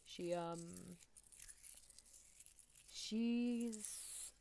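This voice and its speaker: A woman on an ASMR stream, rambling in a soft voice and giggling often. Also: fairly high pitch, drawn-out words, slight background noise. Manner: rambling, giggly, self-deprecating.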